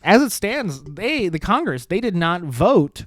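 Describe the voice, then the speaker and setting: Brief: American male podcaster, sarcastic rambling rant, very animated pitch, dry close sound. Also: unhurried, dry recording. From United States. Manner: sarcastic, rambling, self-mocking. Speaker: podcast host. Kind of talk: solo podcast monologue.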